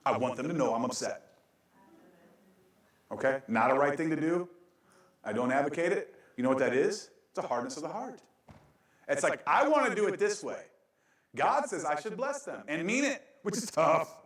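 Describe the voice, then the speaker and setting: A man's voice: a little high, expressive, normal speed, pauses often, far from the mic. A male pastor preaching a sermon with a joking, self-mocking manner and frequent laughs, recorded in a church sanctuary. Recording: very echoey church room.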